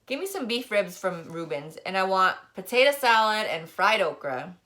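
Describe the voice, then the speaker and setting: A woman's voice: mid-range voice, very animated, moderate pace, fairly bright tone. A woman voicing an easygoing father who runs a corner store and gives his daughter casual, affectionate orders. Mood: fond.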